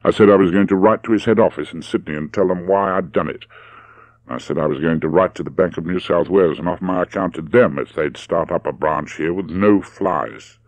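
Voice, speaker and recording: A man's voice: sits low, brisk, no room sound, dull audio. Jean, a frank young woman, voiced by a man. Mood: rueful. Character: young Englishwoman, frank, quick-tempered shop owner.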